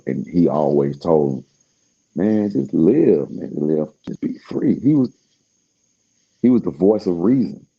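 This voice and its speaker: Man, very low and husky, casual rambling talker, lo-fi sound. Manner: laid-back, slangy, trailing off with fillers.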